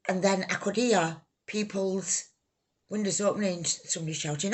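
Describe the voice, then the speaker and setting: A woman telling her own life story, halting, raw and emotional, swearing freely. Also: medium pitch, steady tone. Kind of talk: personal life story told to camera.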